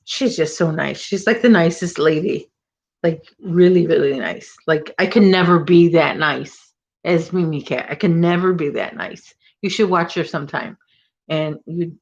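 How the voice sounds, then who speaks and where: A woman's voice: lowish voice, dull audio. A woman hosting a crochet livestream, chatting casually and rambling with viewers, full of "like" and "oh my gosh". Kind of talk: casual chat with live viewers.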